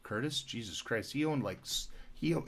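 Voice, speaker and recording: A man's voice: mid-range voice, lively intonation, moderate pace, vocal fry, a bit bright. A man, drunk, telling rambling profane stories as a podcast host, from Alberta in Canada. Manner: rambling, profane, laughing asides.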